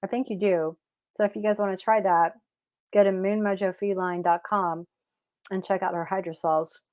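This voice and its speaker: A chatty woman hosts a live question-and-answer show in a loose, rambling way, stopping to correct herself mid-sentence. Her voice sits at a middle pitch for a woman. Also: steady tone, normal speed, a little mellow. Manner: rises into high baby talk with her cat. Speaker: host of a cat health show. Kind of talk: casual live Q&A chat.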